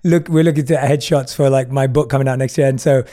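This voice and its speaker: A man's voice: mid-range voice, steady tone, fast talker, dark tone. A man hosting a podcast interview, telling stories with frequent laughs and a self-deprecating manner. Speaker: podcast host. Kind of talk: casual interview chat.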